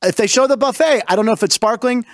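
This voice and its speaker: A man hosting a casual sports and comedy show, joking and excitable. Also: extremely high pitch, fast talker, dry recording, studio quality. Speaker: host.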